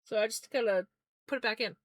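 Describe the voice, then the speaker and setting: A woman's voice: a little high, fast, no room sound. A woman chatting casually on a livestream while spinning yarn, easygoing and a bit scattered as she talks to her viewers.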